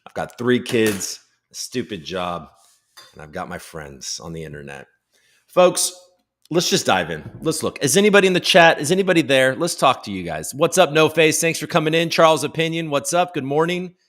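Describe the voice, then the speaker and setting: Very animated at a normal speed, this thirtysomething host has a fairly bright mid-range voice, though he seems tired. His live podcast stream is loose, rambling chat where he reads out the comments from viewers.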